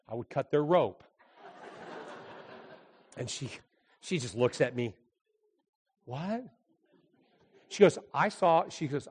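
A man preaching a sermon, telling a family story and swinging between loud, urgent passages and hushed, slow ones. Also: medium pitch. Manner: swings from shouting to hushed, dramatic pauses. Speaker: pastor. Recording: long hall reverb.

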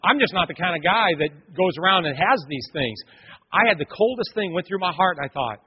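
A middle-aged pastor preaches with lively storytelling and speaks straight to the congregation. His voice is fairly high and husky. It carries a long sanctuary reverb through a dull, muffled recording. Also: brisk. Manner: animated storytelling, addresses the congregation directly. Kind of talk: sermon. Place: church sanctuary.

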